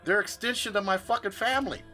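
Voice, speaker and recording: A man's voice: high voice, quick pace, sharp tone, soft background music. A man venting on his livestream in a room full of his gear, casual and profane, with emphatic swearing. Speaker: livestream host.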